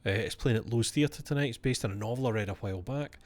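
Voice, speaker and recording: A man's voice: medium pitch, quick pace. A man streaming a game, reading its letters aloud and breaking off for wry asides to himself.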